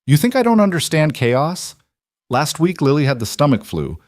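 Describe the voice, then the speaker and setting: A man voicing a steady, protective single father who runs his own business, speaking calmly and reassuringly. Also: a little high, normal speed, dry recording, studio quality, voice pushed up. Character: steady single dad, tradesman, calm and protective.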